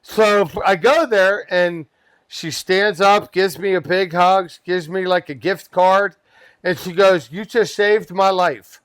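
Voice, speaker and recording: High-voiced man telling a story. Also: slow pace, smooth, dry recording. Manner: animated, acts out quoted voices, laughs often. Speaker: guest, pest control worker. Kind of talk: casual storytelling.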